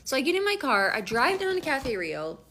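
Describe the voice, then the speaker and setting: A woman's voice: high-pitched, sing-song, normal speed, bright, forceful tone, slight background noise. A woman in her late thirties telling a casual storytime and acting out the dialogue with lots of animation. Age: late 30s.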